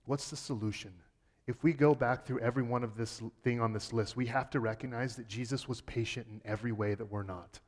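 A man delivers a sermon from the pulpit in a middle-range voice. He drops quiet and then lifts into emphatic peaks. Long reverb hangs behind him, as in a large church hall. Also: mid-range voice, steady tone, a little fast. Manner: earnest preaching, swings from quiet to emphatic. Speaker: pastor.

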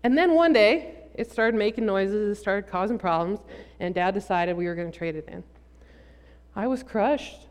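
A woman's voice: mid-range voice, animated, moderate pace. A young woman giving a sermon, telling a funny personal story with jokey asides to the audience. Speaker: preacher. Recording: long reverb from a large hall.

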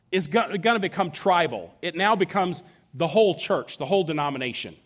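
A man with a high, lively voice preaching a sermon. He explains scripture in an animated teaching manner and drops folksy asides with little chuckles. His pitch swings widely as he talks. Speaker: pastor.

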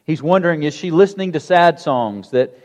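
A pastor preaching a sermon in a conversational way, asking the congregation rhetorical questions. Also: male voice, on the high side, expressive, brisk, darkish tone. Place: church sanctuary. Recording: long church hall reverb.

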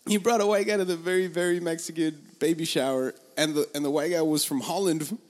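A man in casual chat, telling rambling, profane stories that turn animated when he gets excited. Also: on the high side, fast talker. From Los Angeles area, USA.

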